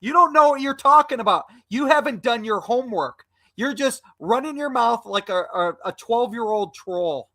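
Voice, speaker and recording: A man arguing heatedly on a livestream, insulting an opponent with loud bursts. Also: extremely high pitch, expressive, normal speed, no room sound. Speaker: livestream debate panelist.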